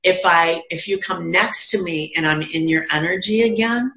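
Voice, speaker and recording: A woman with a lowish voice, talking at normal speed, tells stories in casual conversation about being a psychic medium and teacher, animatedly performing the voices she quotes. The audio is poor, with an echoey room and a little hiss or hum.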